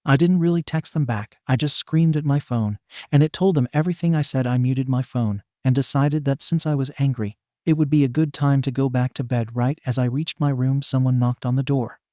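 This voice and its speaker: A man narrating a first-person fan fiction story in a steady reading delivery. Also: medium pitch, brisk, no echo, studio quality.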